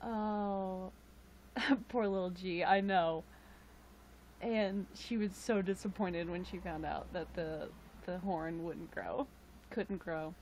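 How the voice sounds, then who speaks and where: A woman's voice: on the low side, steady tone, slow, pauses often, darkish tone, slight background noise. A tired woman chatting casually with live-stream viewers, rambling with frequent chuckles and fillers into a webcam mic. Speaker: livestream host.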